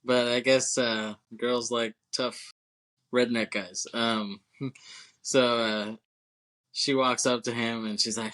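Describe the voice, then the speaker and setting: A man's voice: mid-range voice, little pitch movement, slow pace, fairly bright tone. A man co-hosting a casual movie podcast, laughing often, swearing and acting out scenes as he recaps. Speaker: podcast co-host.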